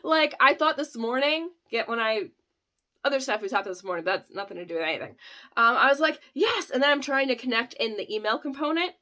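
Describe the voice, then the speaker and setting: A woman's voice: fairly high pitch, animated, fast talker, sharp tone. A woman in her thirties talking casually to her vlog audience, chatty and candid, laughing often and using many fillers. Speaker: small business owner vlogging a sales sprint.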